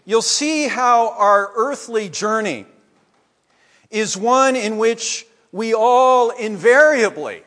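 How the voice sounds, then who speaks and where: A male pastor preaching a sermon to his congregation, measured and earnest, letting phrase endings fall away softly. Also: extremely high pitch, lively intonation. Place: church sanctuary. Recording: long church reverb.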